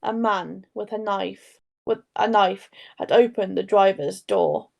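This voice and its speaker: A woman's voice: medium pitch, lively intonation, unhurried, vocal fry, a little mellow, muffled recording. A young woman co-hosting a casual true crime podcast, rambling and breaking into her own story. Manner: rambling, self-interrupting storyteller. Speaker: podcast co-host.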